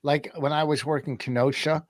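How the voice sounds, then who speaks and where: A man's voice: a little high, steady tone, moderate pace, no room sound, clean studio sound. A man on a comedy podcast, ranting with exasperation as he tells stories about stand-up gigs. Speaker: comedian co-host. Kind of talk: casual podcast banter.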